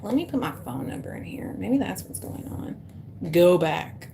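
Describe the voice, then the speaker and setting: A woman's voice: fairly low pitch, animated, a little slow, gravelly, dark tone. Woman tarot host, self-mocking casual banter, faint room hum. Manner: chatty, self-deprecating, talks to herself while fixing tech. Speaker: tarot reader hosting a live stream. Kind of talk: casual live-stream chat.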